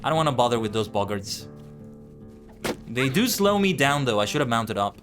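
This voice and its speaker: Over background music, a male VTuber streamer thinks out loud in a meandering way during a casual game stream. He has a non-native English accent and a mid-range, sing-song voice at a moderate pace.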